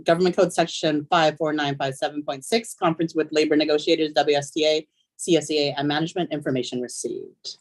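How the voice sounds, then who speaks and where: A woman presiding as school board president, reading procedural items with frequent ums. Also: sits low. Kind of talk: chairing a public meeting.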